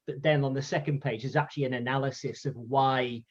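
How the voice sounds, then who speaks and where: A man from the UK recounting an anecdote in a chatty, animated way at a storytelling event. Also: medium pitch, fairly quick, dull audio. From United Kingdom. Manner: chatty, animated, acts out voices in quotes. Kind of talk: casual storytelling talk.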